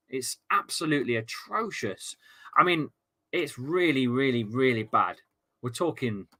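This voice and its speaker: A young man live-streaming a football watchalong, commentating as a fan, moving between grumbling asides and excited shouting. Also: medium pitch.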